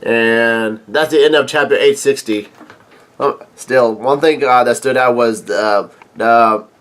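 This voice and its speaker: A man reading a manga chapter aloud and reacting with excitement, halting often with fillers and restarts. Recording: low-quality home recording.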